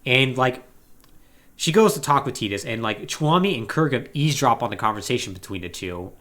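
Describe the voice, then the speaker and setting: A man hosting a casual video game podcast, retelling a story with animated, acted-out quotes. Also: mid-range voice, a little fast. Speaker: podcast host.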